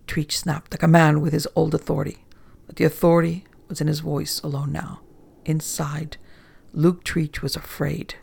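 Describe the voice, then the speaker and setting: A man narrating a horror story dramatically, dropping into hushed whispers for suspense. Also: on the high side, monotone, normal speed, creaky, husky.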